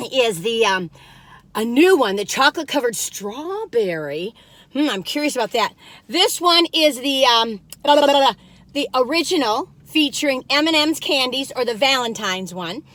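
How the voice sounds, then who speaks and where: A woman's voice: sits high, expressive, a little slow, a bit bright, no echo. A middle-aged woman, chatting in a bubbly, rambling way as she taste-tests cookies in her parked car and sometimes breaks into song. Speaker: food review vlogger.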